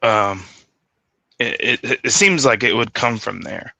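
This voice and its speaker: A laid-back guest who hesitates and laughs through a casual chat. His voice is very bright and forceful. The sound is dry and close, with no room around it. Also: lowish voice, takes it slowly, creaky, no echo. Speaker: podcast guest.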